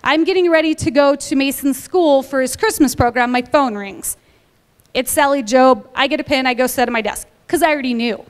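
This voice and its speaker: A woman in her thirties telling a personal testimony to a church congregation, a lively storyteller who acts out the dialogue. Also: sits high, a little fast, clean tone, big-room sound. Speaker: church member giving a testimony.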